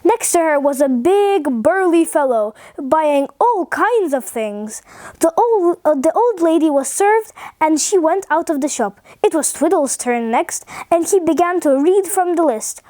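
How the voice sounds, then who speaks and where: Expressive woman reading a story. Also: high-pitched, measured pace, no room sound, studio quality. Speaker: storybook reader. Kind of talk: reading a children's story aloud.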